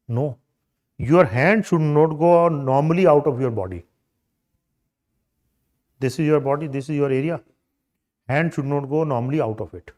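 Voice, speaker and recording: A man's voice: a little high, moderate pace, pauses often, darkish tone. Emphatic older Indian man coaching. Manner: emphatic, demonstrative, repetitive. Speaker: interview coach. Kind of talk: coaching lecture.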